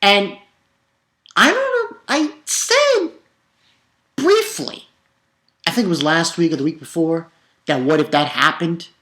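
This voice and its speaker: A man casually reviewing a comic chapter, rambling with restarts and bursting into excited, profane outbursts. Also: on the high side, unhurried, pauses often. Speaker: manga reviewer.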